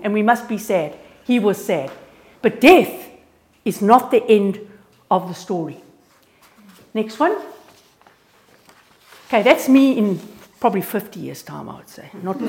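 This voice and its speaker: Earnest woman giving a church testimony. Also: on the high side. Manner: lively, earnest, often restarts words. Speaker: speaker sharing a testimony. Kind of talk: informal church sermon with slides. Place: church gathering.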